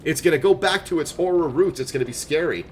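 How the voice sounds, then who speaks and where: A man's voice: fairly high pitch, fast, a little hiss or hum. A young adult man from Montreal, live-streaming a game and chatting casually and jokingly with his chat. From Montreal, Canada. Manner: chatty, jokey, reads and answers chat.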